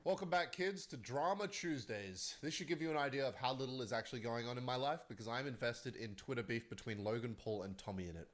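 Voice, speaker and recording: A man's voice: mid-range voice, fairly quick, hardly any pauses. Chatty man riffing on online drama. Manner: animated, chatty, laughs often. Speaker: commentary vlogger. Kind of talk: casual online drama commentary.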